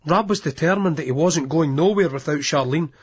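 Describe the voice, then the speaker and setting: Male audiobook narrator, husky, muffled lo-fi recording. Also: a little high, a little fast. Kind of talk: scripted narration. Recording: dull lo-fi audiobook.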